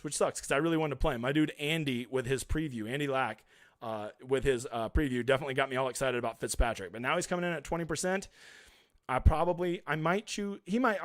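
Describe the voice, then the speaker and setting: His voice sits in the middle range as he runs a casual live stream, voicing viewer comments and answering them chattily, with blunt emphasis. Clean studio recording, free of room sound.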